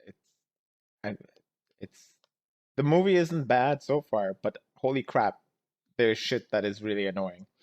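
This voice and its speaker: A man's voice: lowish voice, a little mellow, dull audio. An exasperated man ranting through a movie. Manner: exasperated, rambling, quick to groan and laugh; keeps restarting and saying "anyways, let's keep going". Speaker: movie reaction vlogger. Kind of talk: casual movie reaction commentary.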